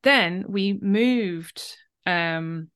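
A woman from Wales hosting a casual interview on a video call, telling stories with lively enthusiasm. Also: lowish voice, very slow, smooth. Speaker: podcast host.

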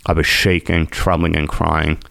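A man's voice: level tone, moderate pace, pushed and bright, no room sound. A man earnestly telling the story of his own recovery, quoting what people said to him. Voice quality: very deep gravelly voice. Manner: earnest, intense, quotes people as he retells. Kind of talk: emotional personal storytelling.

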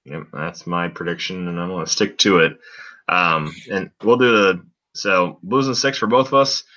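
A man's voice: low voice, moderate pace, sharp tone, muffled recording. A man co-hosting a casual sports podcast, chatting loosely with lots of fillers. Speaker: podcast co-host.

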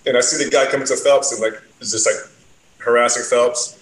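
A man's voice: medium pitch, steady tone, a little fast. A man telling rambling road stories in casual chat, with loose, profane phrasing. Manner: laid-back, rambling, profane. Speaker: bassist. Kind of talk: casual storytelling, heavy swearing. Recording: roomy echo, faint noise.

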